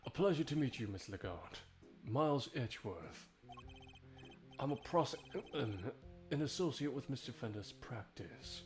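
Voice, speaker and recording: Composed formal prosecutor, measured and dry, low-key, as a man voices him. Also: expressive, music in the background, natural voice. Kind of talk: game voice-over dub.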